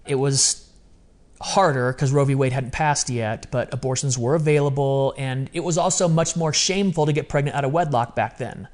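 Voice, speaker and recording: A man in his fifties, a podcast guest, telling a personal story in a lively, emotional way with quick asides. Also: mid-range voice. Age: 50s. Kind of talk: conversational storytelling.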